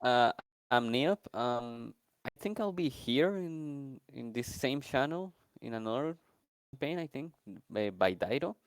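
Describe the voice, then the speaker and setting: A man's voice: mid-range voice, lively intonation, smooth, dry recording. A man guest player introduces himself shyly, rambling a little and laughing easily. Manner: shy, unhurried, laughs easily. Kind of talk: casual chat.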